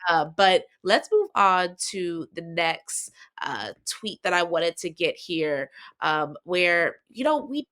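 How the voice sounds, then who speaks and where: A woman hosting a casual recap show, talking in an animated way with quick restarts and repeated words. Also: on the low side. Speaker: podcast host.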